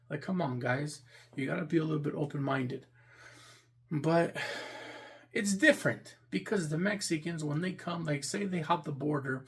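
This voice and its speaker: A man's voice: a little high, creaky. A man from the United States, talking his opinions in a rambling, repetitive way as a vlogger. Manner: rambling and repetitive, restarts phrases. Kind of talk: casual opinion monologue.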